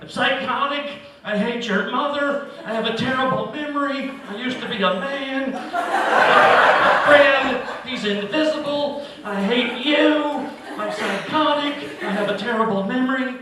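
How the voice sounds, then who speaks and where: Shrill, unhinged wife confessing her baggage, a man putting her on; echoey room, heard from far off. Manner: shrill, rapid-fire ranting. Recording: echoey, distant, noisy room recording.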